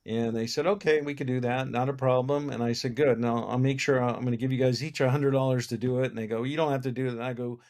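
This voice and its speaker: This film producer is a fast talker with hardly any pauses and a medium-pitched voice. In a casual interview he spins animated anecdotes, acting out the lines of the people in them.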